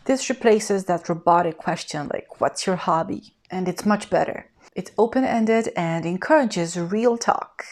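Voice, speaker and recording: A woman teaching English in a scripted lesson, speaking in a clear, even instructional way and modeling example phrases for the learner. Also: on the low side, a little slow, few pauses.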